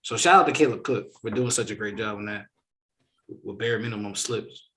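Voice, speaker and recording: At a fairly low pitch and ordinary speed, a male host leads a casual reaction talk. He stays animated and emphatic, dramatizing the lines he quotes.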